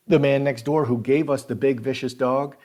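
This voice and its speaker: A man's voice: medium pitch, steady tone, dark tone. A man telling a story in a casual, rambling way, often repeating himself and restarting his sentences. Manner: rambling, repetitive, halting restarts. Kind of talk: casual spoken recollection.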